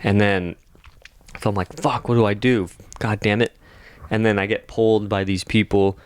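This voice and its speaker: Deep-voiced young man rambling through a story. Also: fairly even intonation, moderate pace, clean tone, no echo. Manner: rambling, filler-heavy, swears a lot. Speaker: podcast co-host. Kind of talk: casual storytelling.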